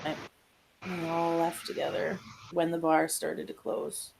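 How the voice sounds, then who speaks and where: A woman with a mid-range voice speaks slowly and haltingly, trailing through filler sounds as she questions a witness and sums up clues during a tabletop game. A faint hiss runs underneath. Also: low voice, completely flat delivery, vocal fry. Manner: hesitant, many fillers, questioning. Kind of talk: casual tabletop game play.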